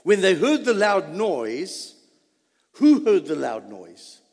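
A man preaching a sermon, animated, with sudden loud bursts and low asides. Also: slow pace. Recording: reverberant hall.

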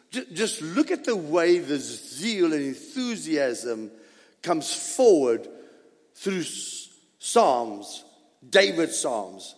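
A male pastor preaching a sermon in a church, animated and exhorting his congregation. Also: on the high side, extremely slow, big-room sound. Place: church sanctuary.

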